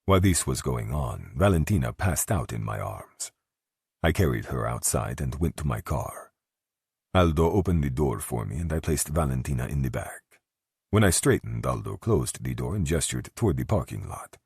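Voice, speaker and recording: A man narrating a romance audiobook in the first person, gruff and commanding. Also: rumbling low, expressive, normal speed, a little mellow, no echo, clean studio sound.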